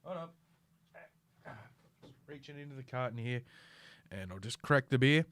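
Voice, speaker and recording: A man's voice: mid-range voice, animated, normal speed, a bit bright, clear, resonant tone, no room sound. Middle-aged man, podcast host, profane, sardonic, rambling, dry close sound. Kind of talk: casual solo podcast rant.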